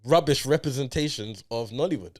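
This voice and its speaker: A man's voice: medium pitch, a little fast, darkish tone. A man with an English accent hosting a casual film review podcast, talking in a laid-back, slang-heavy way. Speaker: podcast host.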